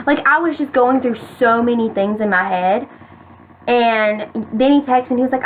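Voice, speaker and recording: A woman's voice: a little high, brisk. A woman in her late teens telling a personal story to the camera in casual storytime style, full of "like" and "you guys". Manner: chatty, many "like"s, keeps addressing "you guys". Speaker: vlogger. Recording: tinny phone-like audio, faint hiss.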